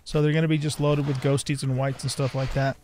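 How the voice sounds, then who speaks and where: A man's voice: medium pitch, quick pace, soft background music. Chatty older man narrating gameplay. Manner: chatty, rambling, bursts of excitement. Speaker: gaming channel host. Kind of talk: casual let's-play commentary.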